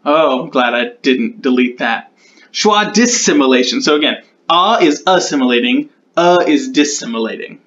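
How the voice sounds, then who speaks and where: A man's voice: medium pitch, lively intonation, moderate pace, a bit bright, dull audio. A man casually walking through the sound-change rules he made up, thinking aloud and correcting himself as he goes. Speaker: conlang creator explaining sound changes. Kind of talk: casual explanatory walkthrough.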